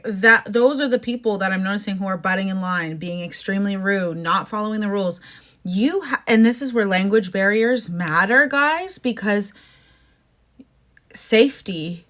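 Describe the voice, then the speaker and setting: A woman's voice: mid-range voice, fairly bright tone. Woman, 30s, podcast host; ranting, exasperated, chatty asides. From Canada. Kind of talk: casual opinion monologue.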